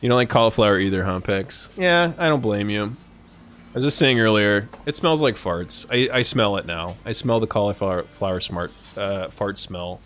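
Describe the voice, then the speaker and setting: A young man live streaming, chatting casually with viewers, animated and swearing freely. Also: on the low side, moderate pace. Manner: animated, swearing, laughing at his own jokes.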